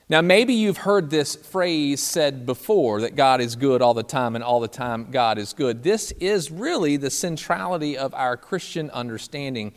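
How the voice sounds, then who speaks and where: A man delivers a sermon from the pulpit. His pitch moves a lot, and he slows down to give weight to key phrases. The church's long reverb trails behind each line. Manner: lively preaching with slow emphatic phrases. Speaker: pastor.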